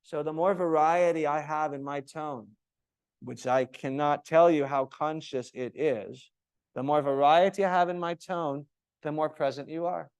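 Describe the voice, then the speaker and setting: A man teaching a yoga teacher training, lecturing with lively, varied delivery and cueing poses in a sing-song way. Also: fairly high pitch, measured pace, smooth. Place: yoga studio.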